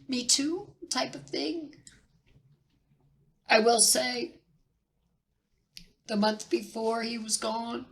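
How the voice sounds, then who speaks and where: A middle-aged woman telling a personal story near tears, halting and repeating herself with pauses. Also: a little high, fairly bright tone. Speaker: vlogger sharing personal loss. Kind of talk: tearful personal account.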